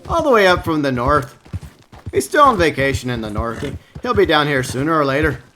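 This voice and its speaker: A man's voice: fairly high pitch, big pitch swings, brisk, sharp tone, a little hiss or hum. A man putting on a cheery northern trapper. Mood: cheerful. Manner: put-on regional accent, cheerful. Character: warm friendly male northern trapper.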